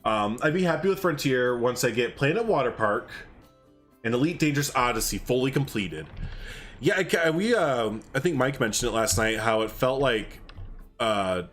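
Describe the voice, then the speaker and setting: A man's voice: medium pitch, lively intonation, moderate pace, fairly bright tone. A young man chatting casually on a livestream, rambling and thinking aloud as he builds, with faint music and typing behind him. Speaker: streamer. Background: faint music and keyboard typing.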